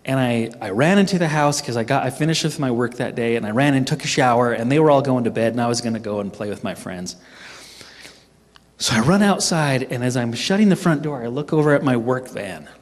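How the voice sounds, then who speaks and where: A middle-aged man telling a funny personal story at a team training, animated and self-mocking. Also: mid-range voice, a little fast. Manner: animated, humorous, acts out his own panicked voice. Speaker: speaker at a sales team training. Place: event hall. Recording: echoey hall reverb.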